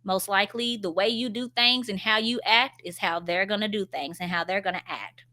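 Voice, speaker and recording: Host, woman, 30s, earnest and chatty parenting advice, bright clear tone. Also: mid-range voice, normal speed. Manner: earnest, conversational, acts out parent quotes. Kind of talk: casual advice monologue.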